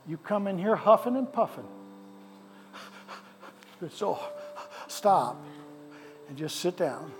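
A man's voice: high-pitched, very animated, slow pace, pauses often, soft background music. A man preaching a sermon as pastor of a church, with a fervent cadence that repeats phrases, then leading prayer. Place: church sanctuary.

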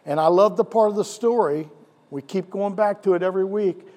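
A male pastor preaching a sermon, animated, with rhetorical questions and chuckles, in a church. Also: high-pitched, fairly quick. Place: church sanctuary. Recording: long church hall reverb.

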